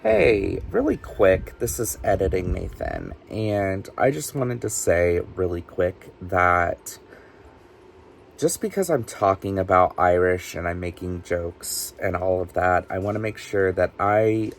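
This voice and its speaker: A man casually telling personal stories in an animated, chatty way, full of fillers, for his witchcraft vlog. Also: low-pitched, unhurried, creaky, slight background noise. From United States. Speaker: witchcraft vlogger.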